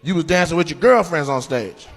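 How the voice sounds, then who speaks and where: A man doing live stand-up crowd work, loud and mocking, acting out voices as he roasts audience members. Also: on the high side, expressive, a little fast. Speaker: stand-up comedian. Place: comedy club stage.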